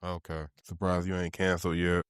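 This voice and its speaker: A man's voice: low-pitched, monotone, a little fast, clear, resonant tone, no echo, clean studio sound. A man co-hosting a podcast with a laid-back, teasing way of talking. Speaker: podcast co-host. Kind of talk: casual banter.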